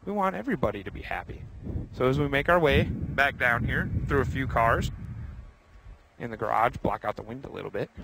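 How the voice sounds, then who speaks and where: A man's voice: mid-range voice, fairly bright tone, rough recording. A young man walks through a racetrack garage outdoors, hosting a live tour in an upbeat, chatty way. He calls out viewers by name as he goes, his voice sitting in a middle register. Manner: walking while talking. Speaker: host. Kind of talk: live walking tour commentary.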